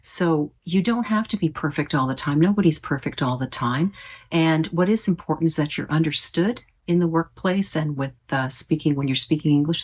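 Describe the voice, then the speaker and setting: Low-voiced woman teaching pronunciation. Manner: clear, deliberate demonstrating of words. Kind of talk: online pronunciation lesson.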